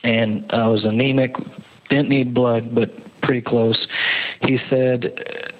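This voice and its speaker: A man, a guest telling his own survival story, talking in a halting way with many repeated words. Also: medium pitch, fairly even intonation. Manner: halting, repeats words, acts out shouted quotes. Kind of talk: emotional first-person storytelling. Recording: narrow phone-line sound.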